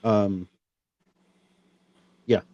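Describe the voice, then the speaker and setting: A man hosting a casual conversation, telling a personal story in an earnest way that grows animated as he retells events. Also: on the low side, very slow, dry recording. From Missouri. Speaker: podcast host. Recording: slightly dull, lo-fi audio.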